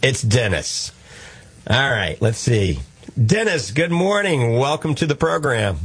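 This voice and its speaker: A man's voice: medium pitch, big pitch swings, takes it slowly, fairly bright tone, husky. A man with a New Orleans accent hosting a call-in radio show, talking in a folksy, reassuring and jokey way. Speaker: radio show host, doctor.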